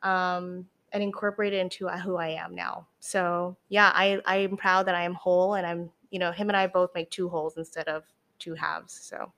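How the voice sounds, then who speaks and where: A young woman speaks candidly as a podcast guest, her talk full of fillers and the odd swear. She is animated and open. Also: lowish voice, normal speed. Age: young adult. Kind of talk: candid casual chat.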